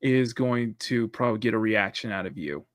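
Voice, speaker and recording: A man hosting a casual live-stream chat, talking in a halting way with frequent restarts as he gathers his thoughts. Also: lowish voice, lively intonation, dry recording, clean studio sound. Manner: halting, restarts often, stalls while collecting his thoughts. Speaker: livestream host.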